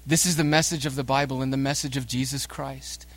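A male preacher delivering a sermon at an everyday pitch. He drops into soft, slow stretches, then builds to loud, emphatic bursts as he calls the listeners sinners and urges them on. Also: steady tone.

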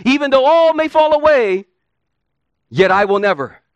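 Man voicing an overconfident apostle, insistent, high voice, dry close sound. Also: expressive, normal speed, no room sound, lo-fi sound. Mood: boastful. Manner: insistent, pleading.

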